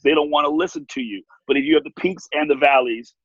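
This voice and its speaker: A man who works as a TV warm-up host and emcee, talking animatedly on a video call with big swings in pitch and loudness. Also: fairly even intonation, fast talker, husky, no echo. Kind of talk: casual video-call interview. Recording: dull lo-fi video-call audio.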